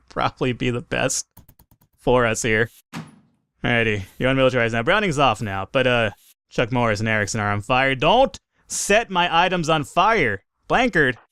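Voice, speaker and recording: A man narrating his gameplay in a let's play, his voice sitting a little high and coming through smooth and clear. He talks excitably and swears freely, laughing at his own blunders. The sound is close and dry, with no room around it. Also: dry recording. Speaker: gaming commentator.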